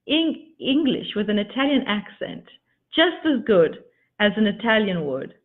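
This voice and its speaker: Expressive woman coach, tinny phone sound. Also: medium pitch, a little slow. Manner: expressive, swooping emphasis, repeats words; addresses listeners as darlings. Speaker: spiritual coach. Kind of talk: motivational teaching talk.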